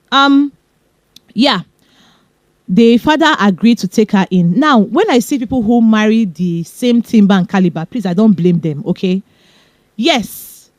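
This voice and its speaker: A young Nigerian woman with a Nigerian accent hosting a podcast, giving chatty relationship advice quickly, with laughing asides. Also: mid-range voice, a little mellow, no echo. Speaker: podcast host. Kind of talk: casual advice talk.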